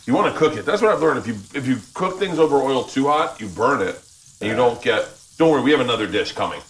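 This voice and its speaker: A man's voice: mid-range voice, expressive, fast, a little hiss or hum. Profane, laughing male cooking host. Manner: loud, profane, laughing banter. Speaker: show host. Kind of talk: casual chat while cooking.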